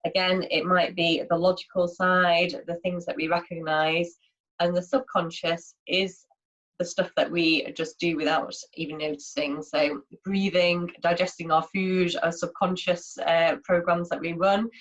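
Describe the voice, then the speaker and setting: A woman's voice: fairly low pitch, little pitch movement, unhurried, highs cut off. A woman giving an informal online lunchtime talk, explaining in a chatty way with many fillers and restarts. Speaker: workshop presenter.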